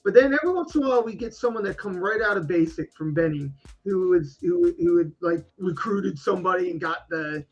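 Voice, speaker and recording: A man with a high, husky voice tells army stories in casual podcast chat. He stops and restarts often and stumbles over fillers. The sound is a little muffled and lo-fi. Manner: halting, many restarts and fillers.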